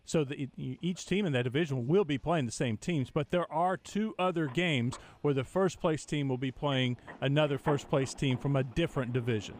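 A man's voice: fairly high pitch, normal speed, few pauses. A man co-hosting a sports talk radio show, patiently explaining things to a caller step by step. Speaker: radio co-host.

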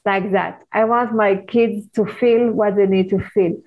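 A woman's voice: medium pitch, steady tone. Hebrew-native lady talking in an interview, earnest, stops and restarts a lot, kinda muffled sound. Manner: earnest, halting, with frequent restarts and non-native phrasing. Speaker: guest author. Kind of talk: conversational interview.

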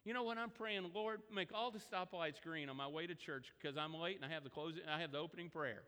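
Man, pastor, sermon, conversational storytelling, high-pitched, echoing church hall. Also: fast, bright, forceful tone, clean tone.

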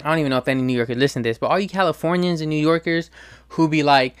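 A man's voice: a little high, rapid-fire, clean tone, dry recording. A young man hosting his own show, talking casually in a slangy, profane, ranting way. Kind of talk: casual monologue.

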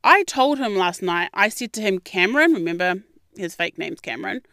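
A young adult woman, the host of a podcast, tells a personal story in a casual storytelling monologue, candid and expressive, swearing freely and acting out quotes. She keeps a moderate pace at medium pitch, and the clean studio sound has no echo.

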